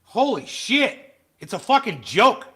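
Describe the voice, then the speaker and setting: A man's voice: very high voice, sing-song, slow. A man hosting a livestream, ranting angrily and cursing at the clips he watches. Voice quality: profane, angry, shouting insults. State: has facial palsy flare-up. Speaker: livestream host. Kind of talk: ranting live commentary.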